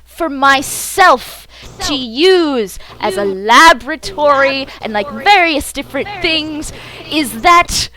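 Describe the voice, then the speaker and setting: Brief: woman playing a high, prim villain mage, fussy and slow-spoken. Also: animated, sharp tone, exaggerated voice. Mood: smug. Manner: fussy, pompous and flustered. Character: fussy, prim villainous mage who hates being touched.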